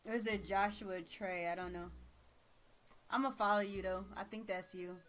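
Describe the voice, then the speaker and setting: A woman's voice: medium pitch, fairly even intonation, normal speed, a bit bright. A tired woman in her thirties with a Texas drawl, chatting casually on a live stream in a slangy, laid-back way while she reads the chat aloud. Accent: Texan.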